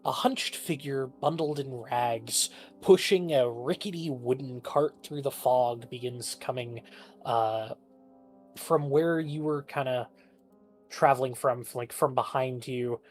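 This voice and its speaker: A woman running a tabletop game as game master, narrating in a relaxed, unhurried way. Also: a bass voice, soft background music.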